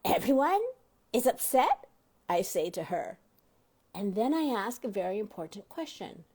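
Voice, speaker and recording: A woman's voice: medium pitch, moderate pace, husky. A woman hosting a motivational self-help talk show, teaching an audience and often asking them questions directly. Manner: animated, addresses listeners directly with questions; acts out quoted dialogue in varied voices.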